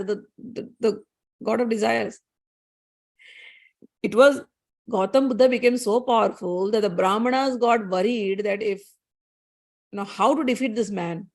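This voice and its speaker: A woman giving a spiritual talk. She retells a story in a lively way, with many restarts and asides. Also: a little high. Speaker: spiritual teacher. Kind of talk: storytelling scripture discourse.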